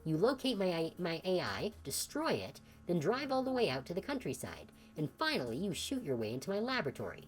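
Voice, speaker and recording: A woman voicing a gaunt, sickly older male scientist in video game dialogue, formal and measured. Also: on the low side, very animated, soft background music, voice pushed up. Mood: stern.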